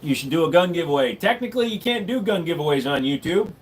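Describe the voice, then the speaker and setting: A man's voice: a little high, animated, fast, slightly rough. Crude joking man on a stream. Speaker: streamer answering chat. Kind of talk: casual live stream chat. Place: home room with gun wall.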